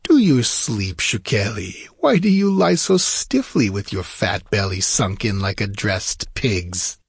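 A man voicing a mocking, ageless male sorcerer in a storybook reading, slow and theatrical. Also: fairly low pitch, very animated, vocal fry, slightly rough, dry recording, studio quality, heavily acted.

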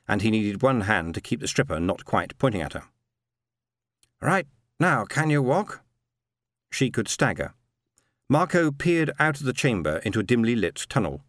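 A man narrating a science fiction story in a steady, measured reading. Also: on the low side, dry recording, studio quality. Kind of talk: audiobook narration.

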